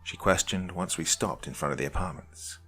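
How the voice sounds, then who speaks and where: Deep, gravelly male storyteller. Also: brisk, soft background music. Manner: expressive dramatic storytelling. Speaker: narrator. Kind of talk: storytelling narration.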